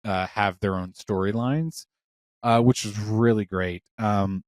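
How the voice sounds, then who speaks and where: A man in his thirties co-hosting a podcast in casual chat, rambling and excitable, swearing often, with a parent's warmth about films. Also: lowish voice, measured pace, no room sound, studio quality. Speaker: podcast co-host.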